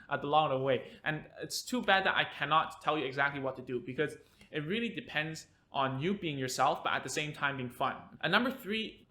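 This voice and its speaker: Bright-voiced man giving parenting advice. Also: a little high. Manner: energetic, conversational, frequent tag questions. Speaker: speech therapist. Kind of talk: educational video talk to parents.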